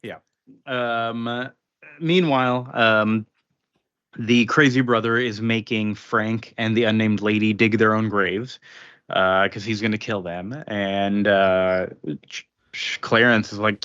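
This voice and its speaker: A man's voice: fairly low pitch, fairly even intonation, takes it slowly, a bit bright, clean tone, no echo, lo-fi sound. A man casually recapping a comic book on a podcast, rambling with fillers and acting out lines of dialogue. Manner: rambling, laughing, acts out quotes. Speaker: podcast co-host.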